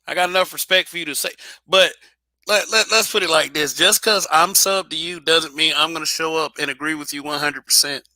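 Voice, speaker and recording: A man holds forth alone in a blunt, casual monologue, swearing freely and tripping over restarts. His voice sits a little high and rings very bright, and the recording is dry and close. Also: a little fast, dry recording. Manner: blunt, repetitive restarts, profane. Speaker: channel host.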